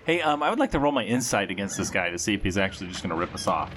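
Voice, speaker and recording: A man's voice: on the low side, big pitch swings, very fast, a bit bright, a little hiss or hum. A man playing a tabletop game, joking and teasing the others. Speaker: player.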